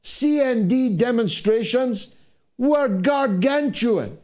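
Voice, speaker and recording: An older man from the United Kingdom hosts a talk show with a high-pitched voice. He speaks slowly and deliberately. He piles up indignant rhetorical questions. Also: lively intonation, a little mellow. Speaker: host.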